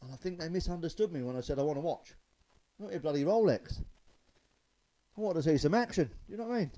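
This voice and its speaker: A man's voice: on the high side, animated, fast, warm tone, low-quality recording. Man telling blue jokes. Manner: chuckles at his own jokes, loose and chatty. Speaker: stand-up comedian. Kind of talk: stand-up joke telling.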